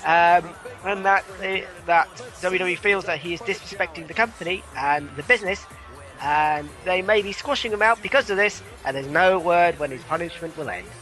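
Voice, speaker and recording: A man with a high, strikingly bright voice co-hosts a casual podcast. He fills his speech with hesitations and cursing as he relays the latest news. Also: normal speed, faint music behind, low-quality recording. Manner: swearing, hesitant with many fillers. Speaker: podcast co-host.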